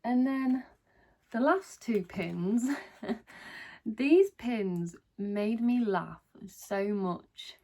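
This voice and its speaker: A woman's voice: fairly high pitch, expressive, extremely slow, warm tone. A woman chatting casually in a haul vlog, gushing enthusiastically over each item she shows. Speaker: vlogger. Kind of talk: casual haul video chat.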